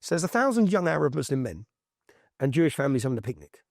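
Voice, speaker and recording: A man being interviewed, telling an animated story and acting out what other people said, with frequent repeats and restarts. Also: medium pitch, fast talker, vocal fry, dry recording, clean studio sound. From England. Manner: lively, repeats himself, quotes people in his stories. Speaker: interview guest.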